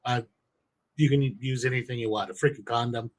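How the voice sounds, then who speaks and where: A man's voice: mid-range voice, steady tone, fairly quick. A man co-hosting a podcast, chatting casually and profanely, rambling through home brewing steps with emphatic swearing. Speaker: podcast co-host.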